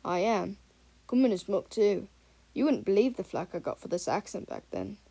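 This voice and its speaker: A woman's voice: mid-range voice, big pitch swings, moderate pace, dark tone. A woman voicing a friendly, easygoing male wizard professor, reassuring and chatty.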